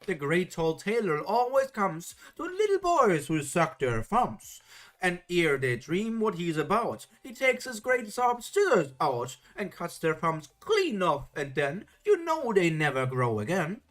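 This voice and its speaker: A woman's voice: on the low side, sing-song, measured pace, soft background music. A woman streamer reading old children's rhymes aloud in a playful, theatrical way, adding joking comments between them. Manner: playful, theatrical, jokey asides.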